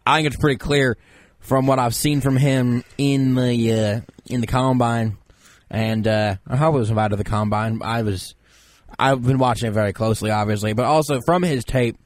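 A radio host putting on a pompous know-it-all draft expert. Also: male voice, medium pitch, no room sound, studio quality, natural voice. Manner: pompous, boastful, rambling. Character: pompous self-proclaimed male draft expert guest. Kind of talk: comedic radio bit as a fake draft expert. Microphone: studio mic.

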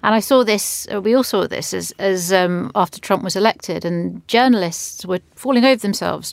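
A woman speaking as a guest in an interview, pausing and restarting often as she searches for words. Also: mid-range voice, vocal fry, no room sound. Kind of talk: conversational interview talk.

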